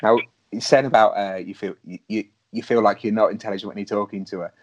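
A man's voice: on the low side, steady tone, fast, a little mellow, muffled recording. A man hosting an interview, asking questions in a chatty way and bantering with his guest.

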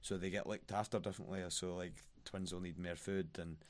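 A man's voice: deep voice, flat delivery, a little fast. A young Scottish man chatting on a podcast, telling stories with lots of laughs. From Scotland. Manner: laughs often, storytelling with quoted voices. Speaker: guest fighter. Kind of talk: casual podcast chat.

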